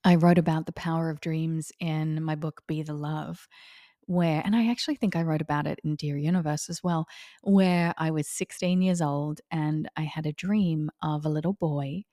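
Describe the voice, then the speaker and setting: Aussie lady in her 40s doing a spiritual podcast, lowish mellow voice, dry close sound. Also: steady tone, no echo. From Australia. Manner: unhurried, often laughing as she talks. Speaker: podcast host. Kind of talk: reflective spiritual podcast talk.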